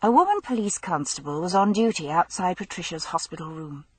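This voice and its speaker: Low, husky woman narrator for a mystery audiobook; dry, measured read. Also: expressive, no room sound.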